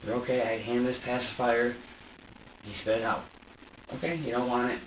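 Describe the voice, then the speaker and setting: A man in an interrogation room, recounting events to an interviewer in an agitated, profane, halting way with many restarts. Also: level tone, narrow, tinny audio, slight background noise. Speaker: suspect in an interrogation. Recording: distant echoey low-fi room recording.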